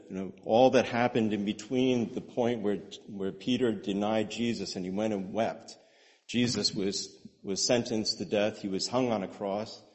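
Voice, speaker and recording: A man preaching a sermon in an animated way, with rhetorical questions and repeated words. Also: on the low side. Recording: long hall reverb.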